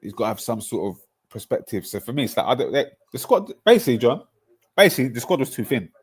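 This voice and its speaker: A man's voice: mid-range voice, very animated, quick pace, breathy edge. A man, chatting casually and boastfully about football on a podcast with friends, rambling between slangy asides.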